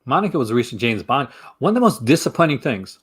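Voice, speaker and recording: Male vlog host, film reviewer; chatty, rambling, quick to laugh; mid-range voice. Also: mid-range voice, big pitch swings, fairly bright tone, husky. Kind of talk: casual chat to camera.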